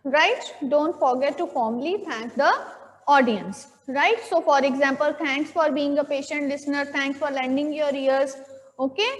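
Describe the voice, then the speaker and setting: A woman with an Indian English accent teaches a class, her voice sitting high. She goes step by step, repeating key points and checking in with "okay?". The room gives her voice a long, echoing reverb. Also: normal speed. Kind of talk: classroom lecture.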